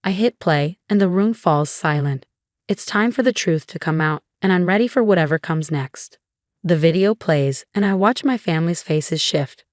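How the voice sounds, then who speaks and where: Woman reading a story out loud, kinda low voice, dry close sound. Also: dry recording. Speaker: narrator. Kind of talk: scripted first-person story narration.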